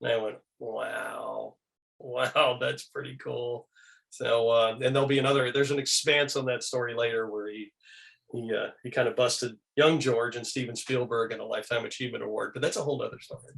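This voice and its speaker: A man being interviewed as a guest, telling animated anecdotes and slipping into quoted voices. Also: fast, gravelly. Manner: animated, acts out quoted voices with big pitch jumps. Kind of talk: lively anecdotal storytelling.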